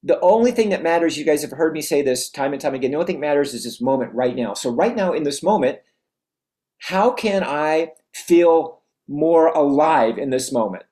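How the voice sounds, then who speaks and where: A motivational coach giving an energetic talk to an audience taking notes, asking repeated rhetorical questions and often restarting phrases. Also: mid-range voice, moderate pace.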